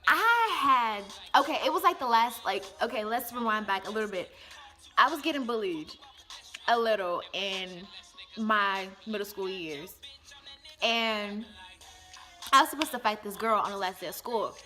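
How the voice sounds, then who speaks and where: A young woman casually telling a personal story to camera, chatty and animated, acting out what people said. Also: mid-range voice, moderate pace, faint music behind.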